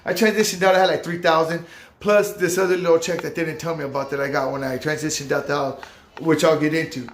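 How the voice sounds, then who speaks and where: Man, casual vlog storyteller, street slang and cursing, slightly high voice, echoey room. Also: fast talker, slight background noise. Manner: profane street slang, lively retelling. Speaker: vlogger recounting a recovery-home stay.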